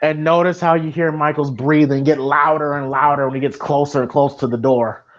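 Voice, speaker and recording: A man co-hosting a casual movie commentary podcast, profane and excitable, rambling with lots of fillers. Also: fairly high pitch, a little fast, muffled recording. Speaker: podcast co-host.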